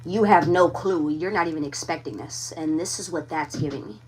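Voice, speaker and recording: A woman's voice: deep voice, a little fast, far from the mic, a little hiss or hum. A woman giving a live tarot reading, talking frankly and with animation straight to her viewers. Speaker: tarot reader.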